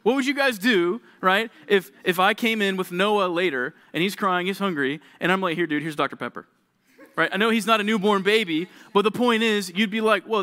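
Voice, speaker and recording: A man's voice: sits high, bright, forceful tone. A young man, a youth pastor, giving a casual, conversational sermon to teenagers, full of rhetorical questions.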